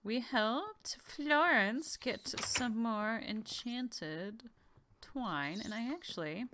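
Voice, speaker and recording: A woman's voice: on the high side, animated, drawn-out words, background noise. A woman hosting a game video, chatting casually to the characters as she plays and sometimes dropping to a whisper for asides. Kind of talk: casual gameplay commentary.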